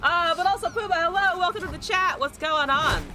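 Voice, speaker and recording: A woman's voice: extremely high pitch, brisk, crowd noise. A woman streaming a card game, commenting as she plays and ranting with heavy swearing about her opponents. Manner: profane, ranting, exasperated. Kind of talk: live-stream gameplay commentary.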